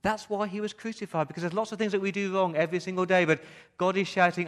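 A man preaching a sermon as pastor, putting rhetorical questions to the congregation and moving between a quiet hush and emphatic rises. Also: high-pitched, fairly even intonation, quick pace.

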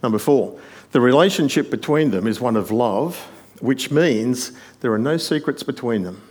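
Male preacher, mid-range voice, methodical teaching sermon with soft asides. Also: mid-range voice, animated, moderate pace. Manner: explanatory, numbered points, often drops to a quiet aside.

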